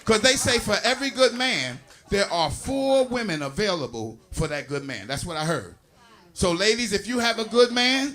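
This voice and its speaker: A man doing a stand-up comedy set, loud and crude, teasing the audience on a club stage. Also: very high-pitched.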